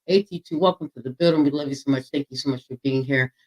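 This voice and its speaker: A man hosting a casual true crime commentary show, talking straight to his viewers in an animated, chatty way. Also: mid-range voice, quick pace, poor audio. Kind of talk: casual commentary over a played interview.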